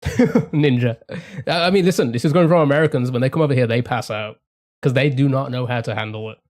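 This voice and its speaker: Guy streaming, chatty and rambly, swears a lot, mid-pitched voice. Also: brisk, darkish tone. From England. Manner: rambling, swears casually, frequent restarts. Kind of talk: casual live-stream chat.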